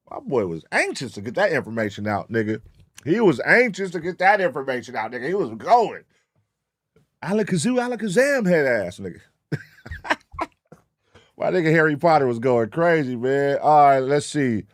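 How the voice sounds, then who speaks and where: A man hosting a live reaction stream, talking in loud, profane, joking banter with his chat. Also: mid-range voice, lively intonation, a little fast, no room sound, studio quality. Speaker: reaction show host.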